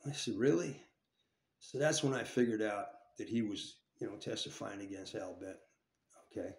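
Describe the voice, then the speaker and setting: A man's voice: lowish voice, moderate pace, echoey room. A man casually telling a story from his time in jail, swearing freely and restarting his sentences often. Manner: profane and rambling with many restarts.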